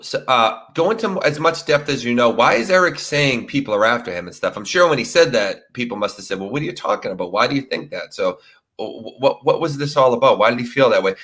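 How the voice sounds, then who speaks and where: A man's voice: medium pitch, bright, forceful tone. A man hosting a live true crime show, talking casually with lots of fillers and sympathy. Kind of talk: live stream interview.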